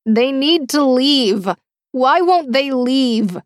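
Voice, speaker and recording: A woman voicing a frantic, delusional female captor who screams and wails in a shrill voice. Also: lively intonation, takes it slowly, no room sound, studio quality. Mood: wailing.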